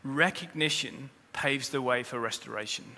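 A man preaching a sermon as pastor, speaking straight to the congregation with humorous asides, and rising to loud, emphatic peaks. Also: medium pitch, normal speed. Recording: long reverb of a large hall.

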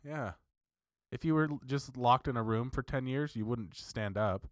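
A man's voice: mid-range voice, moderate pace, fairly bright tone, dry recording, clean studio sound. A man co-hosting a podcast, talking in an emphatic, argumentative way and swearing freely. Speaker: podcast co-host. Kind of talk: casual chat.

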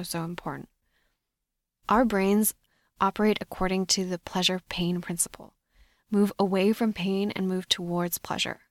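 A woman hosting a solo podcast, talking in a measured, reflective coaching tone. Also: medium pitch, no echo, clean studio sound. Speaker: podcast host.

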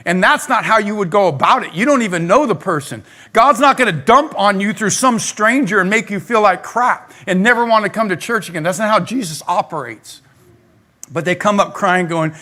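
A male pastor preaching a lively sermon in a church, talking straight to the congregation. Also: high-pitched, brisk. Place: church sanctuary.

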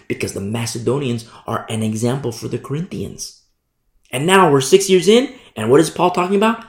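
Male pastor, emphatic sermon delivery with rhetorical questions, reverberant room. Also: medium pitch. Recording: roomy echo.

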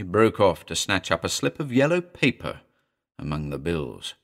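A low-voiced man reads a classic horror tale aloud, expressive and suspenseful. His delivery rises and falls dramatically across each sentence. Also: normal speed, gravelly. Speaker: narrator. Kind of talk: dramatic audiobook reading.

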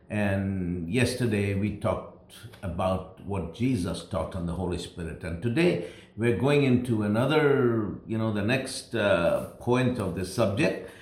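Male pastor, home sermon, gravelly, rambling story, roomy echo. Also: on the low side. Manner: conversational, rambling with restarts and "you know". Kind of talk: sermon told as a personal story. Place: his home.

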